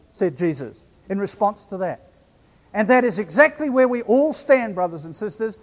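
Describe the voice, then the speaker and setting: A man with a New Zealand accent preaching a sermon, measured, slowing right down to stress key phrases. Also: extremely high pitch, big-room sound. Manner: measured, slows right down for emphasis.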